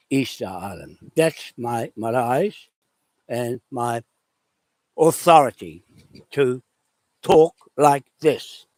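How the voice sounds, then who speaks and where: A man's voice: mid-range voice, a little mellow, no echo, low-quality recording. A man from New Zealand giving an impassioned live video monologue, declaiming in short bursts and growing angry. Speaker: vlogger making a live video. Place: outdoors on his land.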